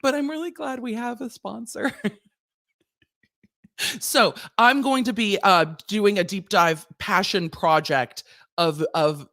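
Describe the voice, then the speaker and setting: A woman's voice: medium pitch, takes it slowly, fairly bright tone. A woman, a lawyer hosting her channel, ranting casually and animatedly with lots of rhetorical questions.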